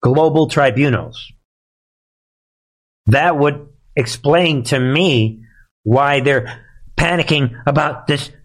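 A man's voice: a little high, takes it slowly, long pauses. A man hosting a live political commentary show, speaking straight to his audience in a sarcastic, emphatic way.

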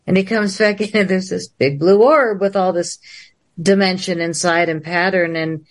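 A woman's voice: on the low side, fairly even intonation, normal speed. A woman filmmaker telling a long story on a livestream, acting out the dialogue in different voices. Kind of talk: animated storytelling. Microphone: livestream video call.

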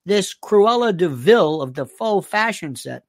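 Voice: mid-range voice, expressive, unhurried, dry recording, studio quality. A host from the United States giving an opinionated monologue and reading out viewer comments, ranting and sarcastic, full of insults and rhetorical questions.

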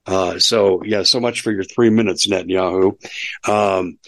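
A man hosting an interview, asking questions in a conversational, halting way. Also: deep voice, fairly even intonation, fairly bright tone, no room sound. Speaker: host. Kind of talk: casual interview talk.

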